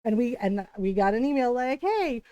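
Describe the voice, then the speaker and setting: A woman's voice: on the high side, fairly quick, mellow, smooth, dry recording. A woman livestreamer telling a story in casual chat, full of "like" and "right?", swearing freely when exasperated. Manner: chatty, peppered with "like" and "right?".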